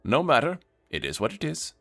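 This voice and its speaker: A man's voice: medium pitch, wildly swooping pitch, brisk, vocal fry, sharp tone, soft background music, pitched above the performer's own voice, heavily acted. A man voicing a smug, scheming male city lord who speaks in a clipped, haughty, condescending way.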